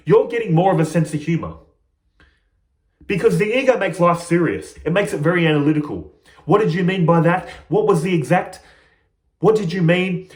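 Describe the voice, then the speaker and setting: A man's voice: fairly high pitch, roomy sound. A man speaking as a spiritual teacher in a reflective monologue, playful and often laughing at himself.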